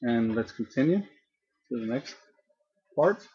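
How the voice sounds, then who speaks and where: Slow, husky male language teacher. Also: mid-range voice, animated, a little mellow, lo-fi sound. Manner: slow, repeats each word to drill pronunciation. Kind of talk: slow spoken grammar lesson.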